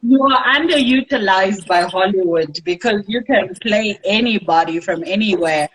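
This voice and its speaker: A woman's voice: mid-range voice, moderate pace, slightly rough, low-quality recording. A woman with a Zimbabwean English accent, hosting a casual interview and speaking in an encouraging, emphatic way. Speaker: interviewer, host. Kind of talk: casual chat.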